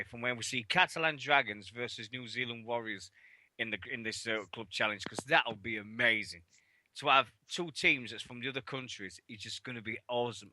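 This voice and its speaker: A man co-hosting a sports radio show, chatting casually and ranting loudly and swearing when worked up. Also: mid-range voice, no room sound. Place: radio studio.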